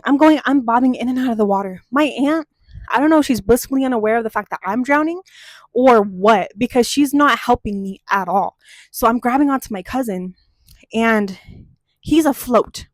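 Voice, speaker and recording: A young woman hosting a chat show, telling a childhood story in a casual, animated way and swearing freely as she gets heated. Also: on the high side, normal speed, dry recording.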